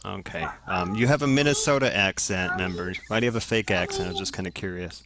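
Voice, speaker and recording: A man calmly and persistently questioning a streamer on a live video call. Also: deep voice, fast talker, crowd noise. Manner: calm, plain, persistent questions. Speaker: participant in a live hangout.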